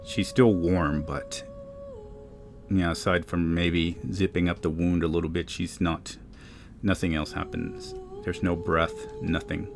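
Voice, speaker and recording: A man's voice: deep voice, steady tone, measured pace, gravelly, over music. A man narrating a tabletop game as game master, describing scenes dramatically.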